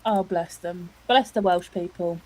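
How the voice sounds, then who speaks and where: A woman from England, a guest in a casual book chat, relaxed and playful, giggling often. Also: lowish voice, measured pace, rough recording.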